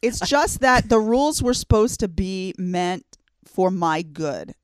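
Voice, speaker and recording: A woman co-host explains her views in an earnest, conversational way, pausing with frequent fillers as she goes. She is recorded close in a dry studio, with a mid-range voice. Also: mid-range voice, animated, clean tone, dry recording. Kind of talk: casual chat.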